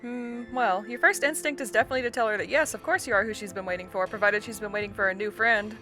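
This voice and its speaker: A woman's voice: on the high side, fast talker, few pauses, sharp tone, faint music behind. A woman hosting a game playthrough, reading the story aloud with chatty, self-deprecating comments. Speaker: let's-play host.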